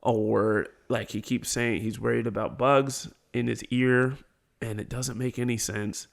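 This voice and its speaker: Man, thirties, mid pitch, gravelly fry, animated podcast retelling, acts out quotes. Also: measured pace. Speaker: podcast co-host. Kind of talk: casual storytelling chat.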